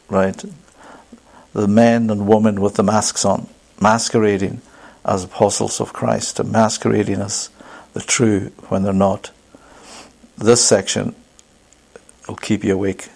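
Male pastor, low and gravelly, emphatic sermon delivery that questions the congregation. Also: darkish tone.

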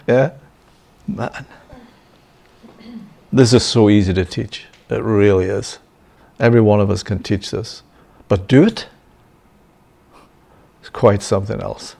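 A man's voice: lowish voice, slow pace, creaky, pauses often, dark tone. A man giving a sermon-style Bible lesson, often checking in with "yeah?" and "right?" and chuckling. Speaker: Bible teacher.

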